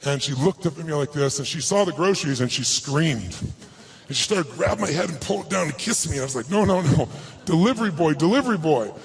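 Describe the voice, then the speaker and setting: A man's voice: a little high, lively intonation, quick pace, creaky, fairly bright tone. A man giving a live motivational talk to an audience, telling a personal story in an emphatic, earnest way. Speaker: motivational speaker.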